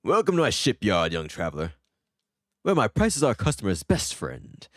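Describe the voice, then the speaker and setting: Man doing a boastful old shipbuilder, salesy and jovial, gruff-ish, bouncy delivery, dry close sound. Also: lowish voice, wildly swooping pitch, moderate pace, dry recording. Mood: jovial salesman. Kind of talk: reading game dialogue aloud.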